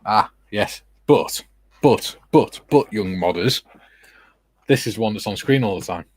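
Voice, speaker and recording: A man's voice: on the low side, a little slow, darkish tone, breathy edge, no echo. A middle-aged man hosting a casual modelling livestream, reading out viewer comments and joking with friends. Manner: reads out viewer comments, jokey banter. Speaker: livestream host and scale modeller.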